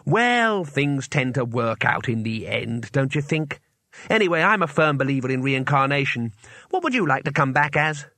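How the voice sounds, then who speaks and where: A man's voice: medium pitch, very animated, normal speed, sharp tone, no room sound. A man voicing a cheerful, naive male tourist who speaks politely, eagerly and without hurry. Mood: cheerfully naive.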